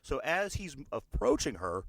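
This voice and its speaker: A man's voice: medium pitch, very animated, measured pace, dry recording. A man with a Pittsburgh accent co-hosting a casual podcast, telling rambling stories with crude humor. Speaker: podcast co-host. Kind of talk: casual chat.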